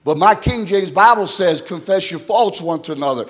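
A man preaching a sermon, swinging between loud exhortation and hushed storytelling. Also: sits high, animated, moderate pace, big-room sound.

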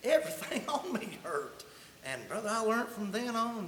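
A man's voice: high-pitched, very animated, moderate pace, bright, forceful tone, a little hiss or hum. A man preaching a sermon, telling a humorous personal story in a folksy, colloquial way. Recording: echoey hall reverb.

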